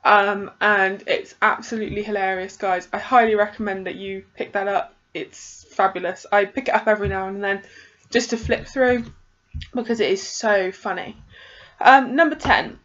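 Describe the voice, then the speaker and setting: A woman's voice: mid-range voice, a bit bright, dull audio. A young woman chatting casually to camera about books, exasperated at times and full of fillers. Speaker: book vlogger.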